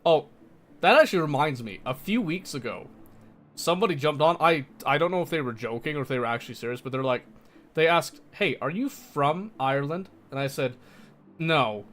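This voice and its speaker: A man's voice: on the high side, animated, quick pace, fairly bright tone. Chatty streamer man with light laughs. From United States. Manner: chatty, laughs often, reads and answers chat. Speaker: livestreamer. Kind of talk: casual stream chat.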